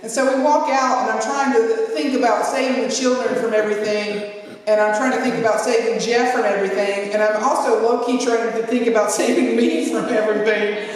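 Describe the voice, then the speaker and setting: A woman pastor telling a humorous story in a sermon, acting out what people said in a lively way. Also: a little high, a little fast. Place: large church sanctuary. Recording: echoey hall from far off.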